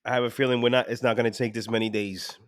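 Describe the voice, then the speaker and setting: A man's voice: mid-range voice, flat delivery, quick pace, no echo, studio quality. A man co-hosting a podcast, joking around in casual banter. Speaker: podcast co-host. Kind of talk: casual chat.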